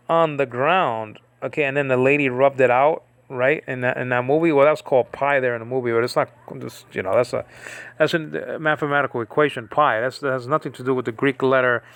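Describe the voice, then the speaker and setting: A man's voice: medium pitch, fairly bright tone. Rambling man teaching Greek letters. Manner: rambling, digressive, many restarts. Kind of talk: casual online Greek lesson.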